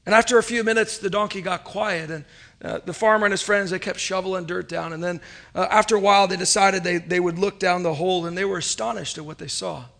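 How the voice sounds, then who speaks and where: A man with a high voice preaching from a church, his delivery rising and falling as he speaks to his congregation. He tells a story and asks the listeners questions as he builds to his point. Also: steady tone, fast, vocal fry, a bit bright. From United States. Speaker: pastor. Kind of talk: sermon with storytelling.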